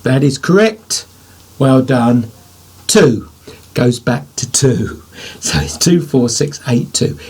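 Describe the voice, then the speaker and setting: A man's voice: medium pitch, creaky, darkish tone, breathy edge. An older man, a poet, giving a writing lesson to children, thinking aloud as he drafts and praising imagined answers.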